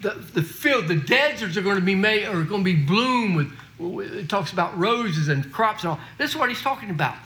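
A man's voice: high-pitched, lively intonation, fairly quick, hardly any pauses, a bit bright, echoey room. A man preaching a sermon, emphatic and folksy, reading scripture aloud with frequent restarts.

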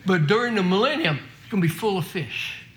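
A man's voice: sits high, very animated, brisk, reverberant, a little hiss or hum. A man preaching a sermon, emphatic and folksy, reading scripture aloud with frequent restarts.

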